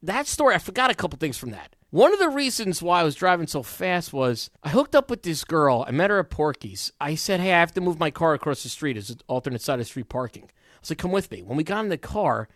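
Animated man on sports radio. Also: on the high side, fast, dry recording, studio quality. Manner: animated storyteller, bursts into loud exclamations. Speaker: radio show host. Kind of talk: sports talk radio chat.

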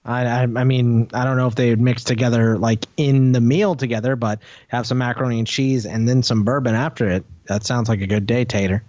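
A man's voice: medium pitch, fairly even intonation, fairly quick, hardly any pauses, darkish tone, dry recording. A man co-hosting a casual sports podcast, teasing his partner and laughing often. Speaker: podcast co-host. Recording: slightly dull, lo-fi audio.

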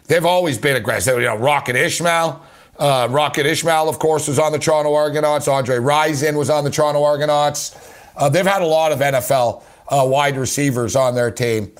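A man's voice: on the high side, fairly even intonation, brisk. Rambling sports betting host, a man. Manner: rambling, repeats words, says "you know" a lot. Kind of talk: casual sports betting talk.

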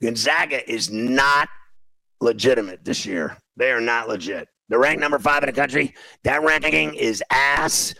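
A gravelly-voiced man hosts a sports talk show and rants about a game he is watching. He is exasperated and repeats himself often. The recording is close and dry. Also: mid-range voice, moderate pace, sharp tone, no room sound, poor audio. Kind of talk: casual sports radio chat while watching a game.

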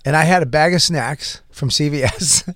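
A man in casual chat, telling a story with excitement, acting out shouted exchanges and laughing often. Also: fairly high pitch, moderate pace, no echo, clean studio sound. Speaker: podcast guest storyteller.

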